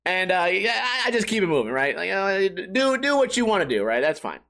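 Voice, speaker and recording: A man's voice: high-pitched, sing-song, fairly quick, gravelly, bright, forceful tone. A young man hosting a solo podcast, rambling casually with lots of swearing and laughing at his own jokes. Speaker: podcast host.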